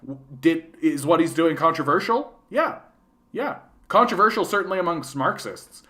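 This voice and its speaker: This casual livestream is hosted by a Canadian-accented man whose slightly high voice is sharp in tone, with lively intonation at a normal speed. He rambles, swears, and regularly closes sentences with "right?".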